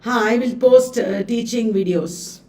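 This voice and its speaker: A woman's voice: on the high side, a little slow, a little mellow, far from the mic. A woman with an Indian accent coaching students live on literature exam questions, chatty and laughing often, mixing in Hindi words. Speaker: literature teacher.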